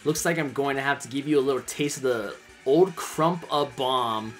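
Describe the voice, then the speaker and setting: A man's voice: medium pitch, normal speed, fairly bright tone, lightly acted. Man doing a villain commander, pompous, scheming, mocking, menacing, game character.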